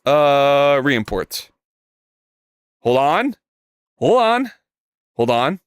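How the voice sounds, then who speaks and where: A man's voice: medium pitch, drawn-out words, clear, resonant tone, no room sound, studio quality. A man streaming live while coding, chatting casually with viewers and reading their messages aloud. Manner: animated, jokey, reads chat aloud and rambles. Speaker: livestreamer.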